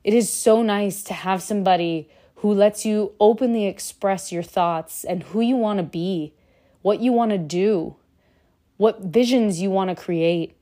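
A woman's voice: medium pitch, unhurried, mellow. A woman giving earnest, emphatic relationship advice straight to her viewers in a casual monologue. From Cuban heritage.

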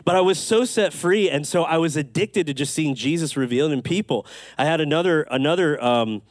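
A man preaching a sermon, telling stories with lively acted-out quotes and quick asides. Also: fairly high pitch, no room sound, clean studio sound. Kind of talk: sermon storytelling.

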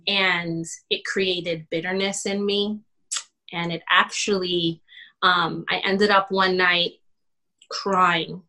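Bright-voiced woman, emotional storyteller. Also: on the low side, poor audio. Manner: emotional, animated retelling with laughs and quoted dialogue. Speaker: guest, pastor's wife. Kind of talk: candid personal storytelling.

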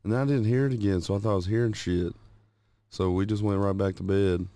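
Low gravelly man telling crude stories. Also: fairly even intonation, brisk, mellow. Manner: swears constantly, acts out voices in his stories. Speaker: podcast co-host. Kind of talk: casual chat, crude storytelling.

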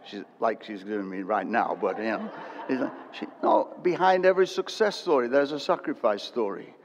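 An older man preaching a sermon, telling a story animatedly and swinging from loud to hushed. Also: medium pitch, lively intonation, normal speed, slight background noise. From England. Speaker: pastor. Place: church hall. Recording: dull echoey church hall recording.

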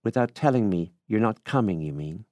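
A man voicing a proud middle-aged widow who answers clipped and cross, held close to the reader's own very deep voice. the sound is dry and close-miked. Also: expressive, fairly quick, darkish tone, dry recording, dull audio, natural voice.

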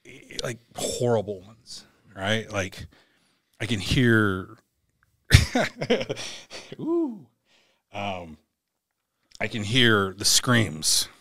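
Bright-voiced man telling a wild story. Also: on the low side, takes it slowly, no room sound, studio quality. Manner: profane, vivid, acts out voices. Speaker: podcast guest. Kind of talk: animated storytelling.

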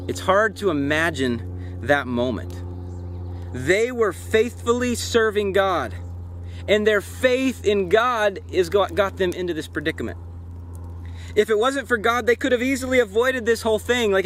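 A man with a high voice leads a devotional Bible study outdoors by a campfire. He talks in an earnest, reflective way. He often stops to put pointed questions to the people listening. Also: fairly bright tone, a little hiss or hum. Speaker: Bible teacher.

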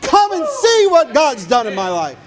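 A man acting out a desperate male leper who cries out loudly and is then healed. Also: very high voice, huge pitch swings, normal speed, pitched above the performer's own voice, heavily acted. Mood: jubilant shouting. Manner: loud, strained shouting.

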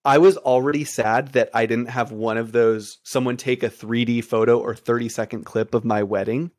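A man's voice: medium pitch, steady tone, moderate pace, darkish tone, dry recording. A man in his thirties, podcast co-host, talking in casual chat with eager, persuasive enthusiasm.

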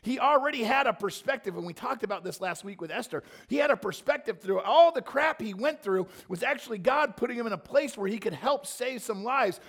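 A man preaching a sermon, swinging from quiet reflection to impassioned, near-shouted emphasis. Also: high voice, lively intonation, brisk, creaky, hardly any pauses. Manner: impassioned, rising to near-shouting when voicing scripture. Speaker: pastor.

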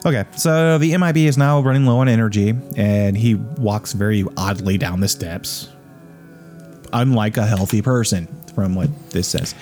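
A man's voice: on the low side, moderate pace, darkish tone, soft background music. A man co-hosting a casual podcast, reading a strange account aloud and rambling with crude jokes and laughter. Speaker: podcast co-host.

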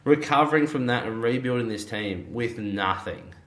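A young man co-hosting a sports podcast, telling a story in an excitable, gushing way. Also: medium pitch, moderate pace. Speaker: podcast co-host. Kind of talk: casual sports chat. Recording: roomy echo.

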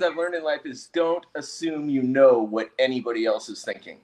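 A man, a motivational speaker guest on an interview show, telling an animated anecdote with laughter. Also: mid-range voice, moderate pace, heavy background noise. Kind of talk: storytelling in an interview.

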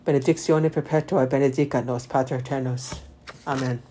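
A man reciting the Divine Office, reading psalms and lessons in a steady liturgical recitation. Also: mid-range voice, a little fast, a little hiss or hum. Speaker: prayer leader.

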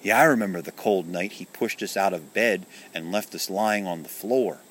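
A man's voice: low voice, normal speed, a bit bright, poor audio. A man voicing a chipped toy soldier, proud and bitter, complaining in a storybook reading. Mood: resentful. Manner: complaining, resentful.

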